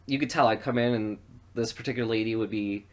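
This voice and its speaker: A man from western New York co-hosting a podcast, telling profane stories in a loose, animated way. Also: on the low side, quick pace. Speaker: podcast co-host. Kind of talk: casual storytelling chat.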